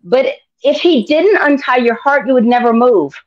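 Animated woman telling her story. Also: high-pitched, normal speed, dull audio. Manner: animated storyteller, acts out dialogue in voices. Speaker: guest. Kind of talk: testimony interview.

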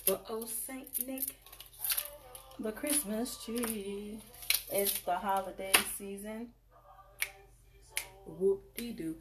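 A woman hosting a live jewelry sale, chatting casually and warmly addressing viewers as y'all and honey. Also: mid-range voice, lively intonation, unhurried, distant mic, slight background noise.

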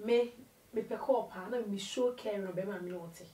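A woman recounts her life story as an interview guest, her storytelling animated and moving between two languages. She sits well back from the mic in a roomy, echoing space. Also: mid-range voice, fairly quick, distant mic, slight background noise. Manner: animated storytelling, mixing Twi and English.

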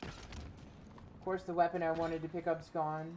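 A woman's voice: deep voice, flat delivery, unhurried, darkish tone, slight background noise. A young woman streamer giving casual gameplay commentary, ranting profanely and frustrated at the game. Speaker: gaming streamer.

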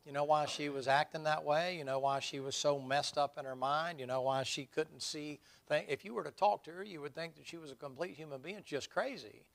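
Man, middle-aged, gravelly folksy preacher who swings from quiet storytelling to loud emphasis. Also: fairly high pitch, a little fast, hardly any pauses. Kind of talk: sermon with personal stories.

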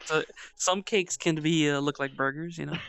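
Excitable laughing streamer, bright tone, dry close mic. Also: medium pitch, moderate pace, clear, resonant tone, dry recording, soft background music. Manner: laughing often, swearing, excitable. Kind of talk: live-streamed casual chat.

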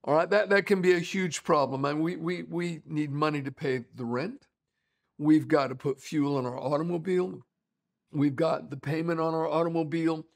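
Earnest man preaching, slightly high voice. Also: fairly even intonation, normal speed, creaky. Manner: earnest, conversational preaching with storytelling. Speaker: pastor. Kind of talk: sermon.

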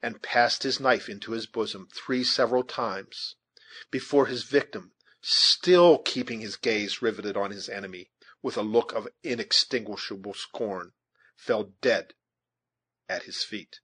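Husky-voiced male audiobook narrator. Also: on the low side, measured pace, a bit bright. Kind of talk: audiobook reading.

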